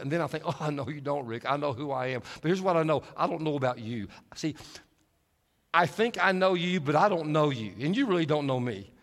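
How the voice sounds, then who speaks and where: A man preaching a sermon, telling stories and shifting from hushed, slow passages to lively, animated stretches. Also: a little high. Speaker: pastor. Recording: long hall reverb.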